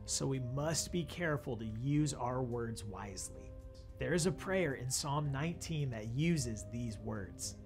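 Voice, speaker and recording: A man's voice: medium pitch, animated, unhurried, a little mellow, soft background music. A young man hosting a children's church lesson, explaining things to kids in a patient, upbeat way. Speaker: children's ministry host. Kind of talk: kids' Bible lesson.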